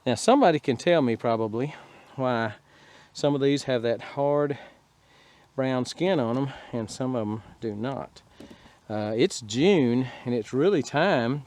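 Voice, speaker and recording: Folksy Texan man with a lively voice. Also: mid-range voice. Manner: folksy, rambling, chuckles while talking. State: a little winded. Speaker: gardening vlogger. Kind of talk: casual outdoor garden vlog. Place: outdoor garden.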